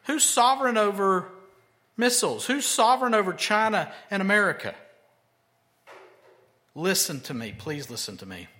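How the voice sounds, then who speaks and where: A man's voice: high-pitched, lively intonation, normal speed, long pauses, sharp tone. A male pastor preaching a sermon conversationally, with emphatic rhetorical questions.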